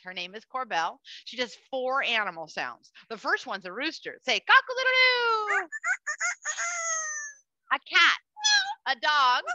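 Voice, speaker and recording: A woman hosting a live educational bird show for children, chatty and animated, cooing at the bird and talking to the audience. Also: a little high, moderate pace, no room sound. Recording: dull lo-fi dry sound.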